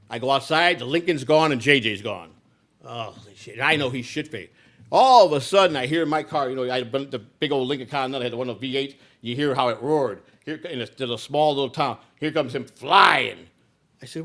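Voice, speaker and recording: An older man in his sixties gives a live speech, telling a personal story in a loose, rambling way. He restarts and repeats himself often, in a middle-pitched voice. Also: lively intonation, a little fast. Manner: rambling, with many restarts and repetitions. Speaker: political candidate.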